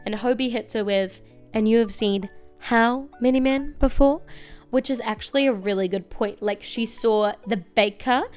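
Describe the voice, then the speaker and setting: A woman's voice: mid-range voice, clean tone. Wry, chatty young woman. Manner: chatty, wry, rapid asides. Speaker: video essay host. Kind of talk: casual comedic recap commentary.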